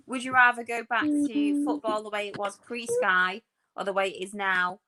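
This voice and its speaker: A woman with a softened Northeast English accent, chatting as a podcast co-host in an animated, storytelling way. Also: fairly high pitch, moderate pace, background noise. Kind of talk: casual chat.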